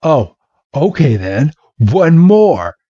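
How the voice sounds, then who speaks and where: A man's voice: fairly high pitch, big pitch swings, drawn-out words, dark tone, dry recording, pitched above the performer's own voice, exaggerated voice. A man voicing a cocky, condescending boy rival in a smug, taunting manner. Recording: dull lo-fi podcast mic.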